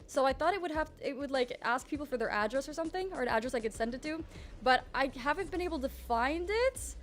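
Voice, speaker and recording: A woman's voice: sits high, expressive, quick pace, a bit bright, a little hiss or hum. A young woman streamer with a groggy morning voice, chatting in a rambling, casual way and greeting her chat. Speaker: livestreamer.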